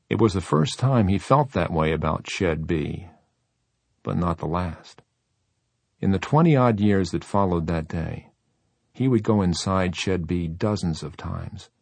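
A man reading a novel aloud in steady, measured narration. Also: sits low, vocal fry, husky, no room sound. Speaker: audiobook narrator. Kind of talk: scripted narration.

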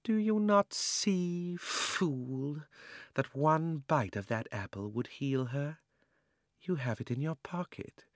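A man's voice: a little high, animated, slow pace, dry recording, clean studio sound, pitched above the performer's own voice. A man reading an audiobook, voicing a cold, cunning sorceress who coaxes and scorns, her voice sometimes sinking to a whisper. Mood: coaxing. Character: cold tempting sorceress queen, fierce and cunning.

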